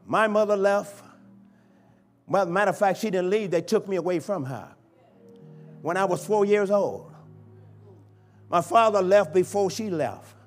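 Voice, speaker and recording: High-voiced man preaching with fervor. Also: measured pace, pauses often, faint music behind. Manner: impassioned preaching that swings from hushed to shouting. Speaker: bishop. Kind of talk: sermon. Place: church sanctuary.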